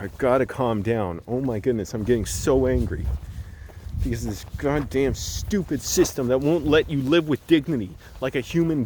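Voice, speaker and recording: A man's voice: on the high side, a little mellow, slight background noise, rough recording. A young man vlogging outdoors on a hillside while walking, rambling and swearing freely in a casual rant.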